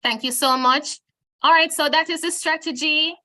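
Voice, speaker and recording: A woman's voice: high voice, steady tone, moderate pace, bright, forceful tone. A woman with a Jamaican accent teaching an online Spanish lesson over a video call, patiently repeating words for her students.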